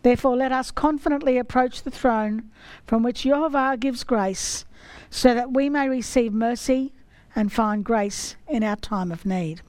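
Woman preaching, measured and slow. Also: a little high, a little mellow, dry recording, poor audio. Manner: slow, measured reading of scripture. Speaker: teacher of scripture. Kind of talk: sermon.

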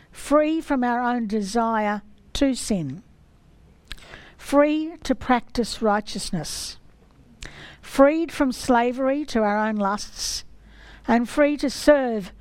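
A woman giving a sermon, reading scripture in a slow, measured way. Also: a little high, darkish tone, dry recording, low-quality recording. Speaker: teacher of scripture.

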